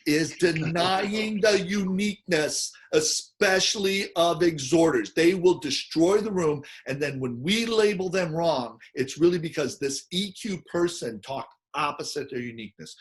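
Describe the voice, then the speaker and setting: A man giving an animated teaching talk, acting out quoted people in loud, excited bursts. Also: on the high side, normal speed. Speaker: personality model speaker.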